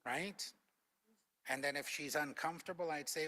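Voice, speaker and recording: A man's voice: a little high, measured pace, a bit bright. An older man from Alberta, a former Cree teacher, explains language points in a panel talk with patient, instructive anecdotes. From Alberta, Canada.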